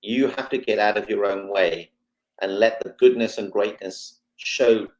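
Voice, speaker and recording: A man, a guest on a talk show, telling a personal story with lively, dramatic retelling and quoted dialogue. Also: fairly low pitch, measured pace, low-quality recording. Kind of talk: emotional storytelling.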